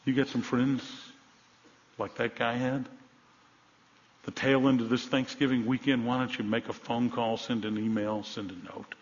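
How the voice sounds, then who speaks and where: A male pastor preaching a sermon, telling a story with animated emphasis and dropping to quiet, soft moments. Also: mid-range voice, moderate pace. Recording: dull sound in a large reverberant hall.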